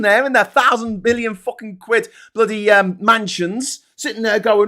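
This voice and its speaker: A man's voice: high-pitched, steady tone, moderate pace, hardly any pauses, bright, forceful tone. Sweary ranting man. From Liverpool, England. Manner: heated, sweary, sarcastic, with stammered restarts. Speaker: vlogger, channel host. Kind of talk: casual ranting monologue.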